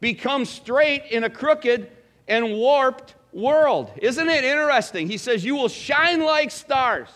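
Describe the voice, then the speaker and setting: A man's voice: extremely high pitch, animated, takes it slowly, a bit bright. A middle-aged man preaching a sermon in a conversational, folksy way, asking the congregation questions. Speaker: pastor.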